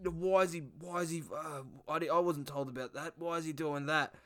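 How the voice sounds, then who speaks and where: Hungover Aussie grump, curt and muttering low, played by a man. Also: fairly even intonation, fairly quick, close to an everyday voice. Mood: irritable. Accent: Australian. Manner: quiet, curt, irritable.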